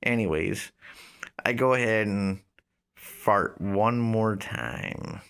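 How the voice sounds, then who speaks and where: A man in his thirties with a somewhat low voice tells a story in a loose, rambling way. He leans on fillers and swearing, and his pace drifts between quick and drawn out. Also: creaky, fairly bright tone, smooth. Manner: rambling, profane, filler-heavy. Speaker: vlogger. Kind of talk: casual storytelling.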